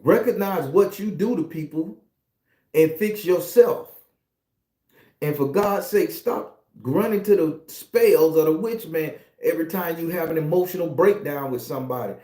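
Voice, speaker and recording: A man, a tarot reader, ranting in a casual monologue in a profane, animated, preachy way. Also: fairly high pitch, moderate pace, reverberant.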